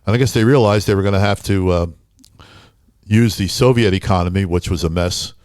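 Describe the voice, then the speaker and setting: A man's voice: sits low, a little fast, a little mellow, clean tone, no room sound, studio quality. Older man spinning rambling anecdotes. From Philadelphia area. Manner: laughing, rambling anecdotes with frequent "uh" and "you know". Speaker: podcast guest, hockey arena announcer. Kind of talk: casual storytelling. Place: podcast studio.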